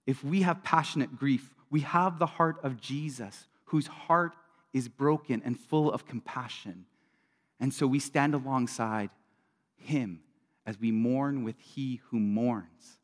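A middle-aged man preaching a sermon as a pastor, talking earnestly and conversationally, swinging between loud bursts and quiet drops. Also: mid-range voice, takes it slowly. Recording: long reverb of a large hall.

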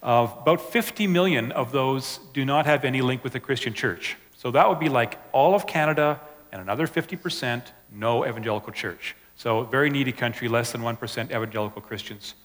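A man's voice: mid-range voice, brisk, few pauses, a bit bright. A man presenting a slide talk to a church audience, casual and hesitant with fillers. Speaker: missionary presenter. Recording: reverberant hall.

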